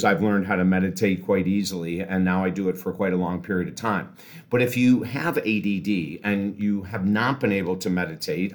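A man with a lowish voice hosting a motivational podcast. He speaks with upbeat, encouraging energy and drops to slow, soft cues when leading a short breathing meditation. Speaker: podcast host and life coach. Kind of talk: motivational talk with guided meditation.

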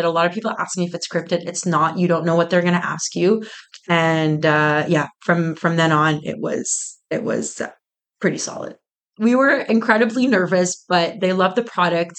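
A young woman in her twenties, a business co-founder, telling a story in an interview with animated delivery, frequent laughter and lots of "like" fillers. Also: fairly low pitch, moderate pace. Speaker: guest, tea business co-founder.

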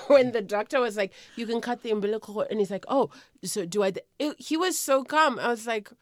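A woman's voice: on the high side, a little fast, no echo, studio quality. A woman co-hosting a podcast in casual chat, telling stories with frequent laughter. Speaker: podcast co-host.

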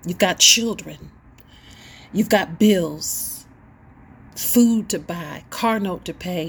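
A middle-aged woman with a medium-pitched voice, under a slight hiss or hum, hosts her own show as an inspirational speaker. She preaches an impassioned, sermon-style testimony whose emphasis rises and falls.

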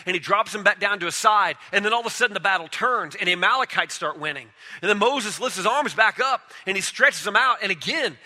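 A man preaching a sermon in a conversational style, his voice dropping soft and then swelling as he tells the story. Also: high voice. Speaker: pastor. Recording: long hall reverb.

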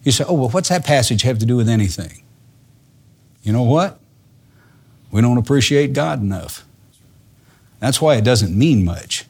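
An older man preaching a sermon in a folksy, earnest way, dropping to soft asides and rising to emphatic lines. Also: mid-range voice, animated, moderate pace, pauses often, slightly rough.

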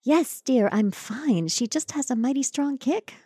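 A demanding, heavily pregnant young wife who snaps into high, shrill outbursts, as a woman narrator puts her on. She is impatient and bossy. The voice sits dry and close, as in a storybook podcast. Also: animated, measured pace, dark tone, slightly rough, dry recording, heavily acted. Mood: sweet.

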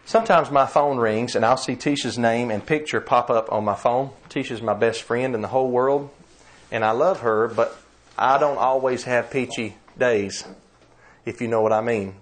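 A man preaching a sermon, earnest and emphatic, slowing down to read scripture. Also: medium pitch.

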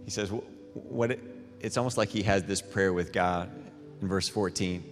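A middle-aged man preaching a sermon as a pastor, telling animated, self-deprecating stories between scripture readings. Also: deep voice, moderate pace. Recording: long reverb in a large hall with faint music.

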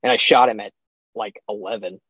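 A young man, a podcast guest, telling a hunting story in a casual, animated way, acting out his own reactions and chuckling often. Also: on the low side, a little fast, breathy edge, no room sound. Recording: slightly dull, dry sound.

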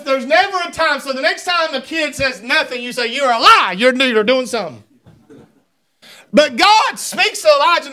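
A man preaching a sermon in a church, swinging between conversational asides and fervent shouted appeals, often repeating words. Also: extremely high pitch. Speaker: pastor. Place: church sanctuary.

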